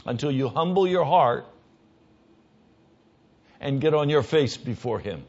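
Male pastor, sermon delivery, emphatic, hushed to loud; muffled low-fidelity recording. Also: lively intonation, unhurried.

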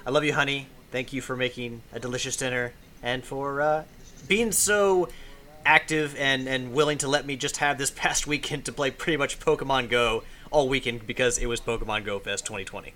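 Quick bright guy on a gaming podcast, upbeat, jokey. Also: medium pitch, a little hiss or hum. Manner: fast, upbeat, joking. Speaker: podcast co-host. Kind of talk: casual podcast banter.

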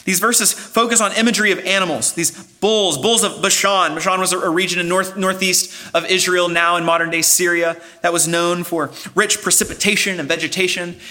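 Bright, high-pitched preaching man. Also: fairly even intonation, brisk, hardly any pauses. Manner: earnest, explanatory preaching with restarts and rising emphasis. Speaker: pastor. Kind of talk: sermon.

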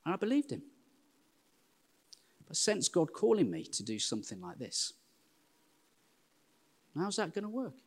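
An English man in his forties preaching a sermon in a church, telling self-deprecating stories in a lively way. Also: fairly high pitch, unhurried, long pauses, husky. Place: church hall. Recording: long hall reverb.

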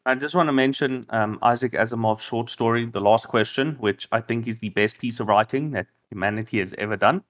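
A man co-hosting a podcast in casual chat, eager and relaxed as he moves the conversation along. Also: medium pitch, brisk, hardly any pauses. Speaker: podcast co-host.

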